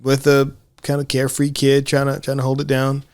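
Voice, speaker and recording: A man hosting a casual film discussion podcast, animated, often acting out quotes in high voices. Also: fairly quick, clear, resonant tone, no echo, studio quality. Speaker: podcast host.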